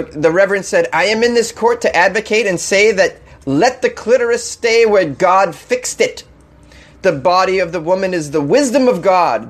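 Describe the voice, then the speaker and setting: Guy doing a goofy weird news show, rants a lot, laughs, kinda high voice. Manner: irreverent, ranting, laughs often. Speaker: news podcast host. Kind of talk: casual comedic news rant.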